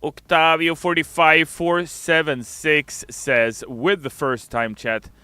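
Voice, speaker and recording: A man streaming, casually reading viewer messages aloud in a loud, playful, chatty way. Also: a little high, steady tone, slow, clean tone, no room sound. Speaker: game community streamer. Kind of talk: casual livestream chat.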